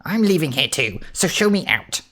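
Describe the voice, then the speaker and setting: Casting: man voicing a blustery big-nosed critter, raised pitch, wildly swooping, raspy and gravelly. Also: unhurried, full character voice. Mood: indignant. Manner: blustery, excitable, indignant. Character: big-nosed male creature, short-tempered and blustery.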